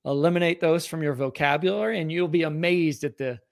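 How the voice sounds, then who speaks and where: A middle-aged man with a somewhat raised voice hosts a podcast interview. He speaks earnestly, with motivational emphasis, in a relaxed conversational tone. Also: fairly high pitch, brisk, creaky. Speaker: podcast host. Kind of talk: casual interview chat.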